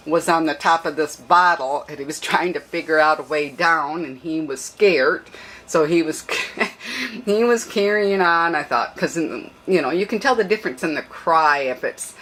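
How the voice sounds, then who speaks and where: An older woman with a low, husky-toned speaking voice rambles casually about her litter in a relaxed home video, breaking into high baby talk to the pups. A faint hiss of room noise sits under her voice. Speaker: dog breeder. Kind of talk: casual puppy update vlog.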